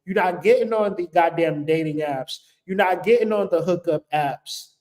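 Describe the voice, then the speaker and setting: A man's voice: high-pitched, moderate pace, darkish tone. A man giving blunt, profane, joking spiritual relationship advice in a casual talk. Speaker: spiritual vlogger.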